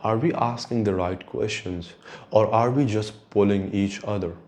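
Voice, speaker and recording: Young guy hosting a pod, kinda low voice, rambles on thoughtfully, swears here and there. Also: dark tone. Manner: reflective, rambling, swears casually. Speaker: podcast host. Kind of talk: casual monologue.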